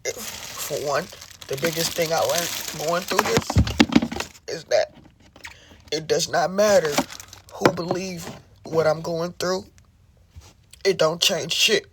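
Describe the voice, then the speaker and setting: A speaker at a middling pitch pours out an emotional rant to a livestream audience. The delivery is confrontational and full of rhetorical questions. Phrases come back again and again for emphasis, with plenty of swearing. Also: slow pace, long pauses, heavy background noise. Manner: swearing, impassioned.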